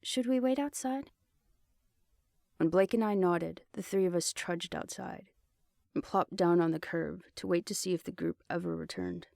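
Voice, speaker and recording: A woman reads a first-person novel aloud in a low, gravelly voice. Her storytelling is even and steady. The recording is close and dry with no room sound. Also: normal speed, no room sound. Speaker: audiobook narrator. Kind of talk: first-person fiction reading.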